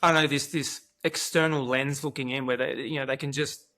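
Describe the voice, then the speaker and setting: A man's voice: medium pitch, fairly even intonation, brisk, bright, forceful tone. A man co-hosting a rock interview, asking long rambling questions full of fillers like "like" and "you know". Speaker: co-host. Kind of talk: casual interview chat.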